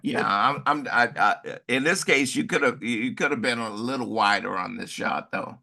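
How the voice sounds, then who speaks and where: Gravelly man giving photo critiques. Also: mid-range voice, sharp tone. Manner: halting, repeats words, joking.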